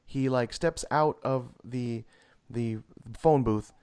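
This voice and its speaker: Guy rambling about a movie, mid pitch, laughs a lot. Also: slow pace, a little mellow, clear, resonant tone. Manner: chatty, laughs often, rambling restarts. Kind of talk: casual movie chat.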